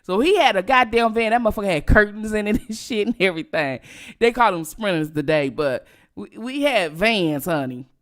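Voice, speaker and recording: At home, a middle-aged woman vlogger tells a childhood story in a brisk, medium-pitched voice. She's casual and animated, swearing freely and talking straight to her viewers.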